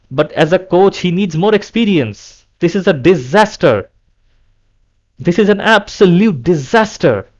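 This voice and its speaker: A man's voice: a little high, lo-fi sound. A man vlogging an angry, repetitive fan rant, often restarting his sentences.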